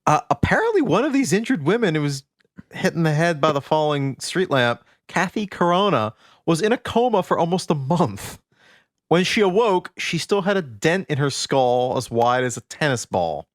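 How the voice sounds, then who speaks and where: A man co-hosting a chatty podcast recounts strange facts with lots of swing in his pitch. The sound is dry and close to the microphone, and he tosses in playful asides as he builds to the twist. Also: moderate pace, dry recording. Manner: animated storytelling, playful asides. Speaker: podcast co-host. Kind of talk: casual chat, recounting facts.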